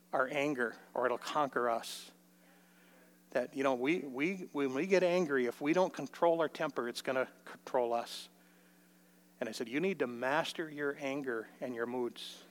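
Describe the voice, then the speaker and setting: An older man telling a folksy personal story in a sermon, acting out the dialogue in a raised voice. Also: a bit bright. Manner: folksy, acts out the dialogue with rising pitch.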